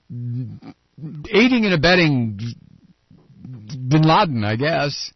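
Sarcastic male radio host on a lo-fi, dry recording, with a husky edge and dull sound. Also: on the high side, no room sound. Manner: sarcastic, ranting, reads news aloud. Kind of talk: opinionated talk radio monologue.

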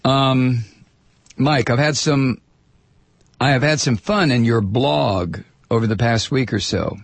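A man's voice: medium pitch, slow pace, creaky, dry recording. A man hosting political talk radio, sardonically reading listener mail aloud and drifting into rambling asides. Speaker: radio talk show host.

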